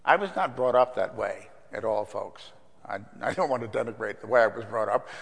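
An older man preaching a sermon in a church, telling a story in a relaxed, conversational way with fillers. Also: lowish voice, a little fast, gravelly. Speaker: pastor. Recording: long reverb in a church hall.

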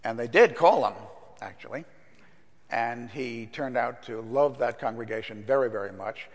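Older pastor preaching in a reverberant church. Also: male voice, medium pitch, moderate pace. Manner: conversational, anecdotal, with fillers. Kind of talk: sermon. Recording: long reverb in a church hall.

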